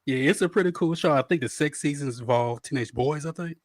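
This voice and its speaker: A man's voice: fairly high pitch, fairly quick, no room sound, clean studio sound. A man on a talk show panel chatting casually, easygoing and a little hesitant as he recommends something.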